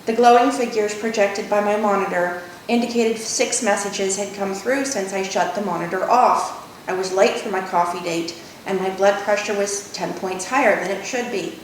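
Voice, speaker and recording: A woman author reads her own novel in a measured first-person voice. The room rings with echo, and a faint low rumble runs beneath. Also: recorded from a distance. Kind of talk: reading her novel aloud.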